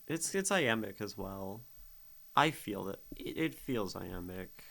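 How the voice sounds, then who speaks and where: Slow, low-voiced man musing over a poem. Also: lively intonation, gravelly, bright, forceful tone, low-quality recording. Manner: musing, thinks aloud, sounds out rhythms and syllables. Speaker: streamer critiquing poetry. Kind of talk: casual livestream poetry analysis.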